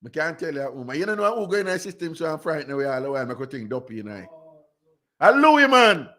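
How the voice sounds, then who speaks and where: A man's voice: a little high, big pitch swings, fast, a bit bright. A man with a Jamaican accent, hosting radio and telling a story in casual, rambling patois with many "you know"s. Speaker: radio host.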